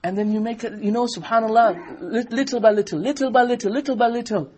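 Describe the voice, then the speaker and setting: A man preaches a sermon in a high, husky voice. He tells his story with animation and jumps into short acted-out exchanges as he goes. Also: quick pace. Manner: animated storytelling, acting out dialogue. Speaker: Islamic preacher.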